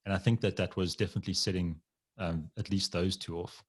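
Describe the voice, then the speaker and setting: Man, podcast guest, rambling casual storyteller, lowish voice, swears and laughs. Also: steady tone, brisk, husky.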